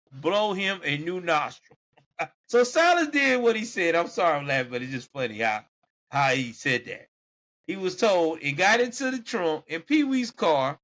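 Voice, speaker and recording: A man's voice: sits high, bright, forceful tone. A man hosting a podcast, telling a true-crime story casually and animatedly, with exclamations and laughter. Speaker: podcast host.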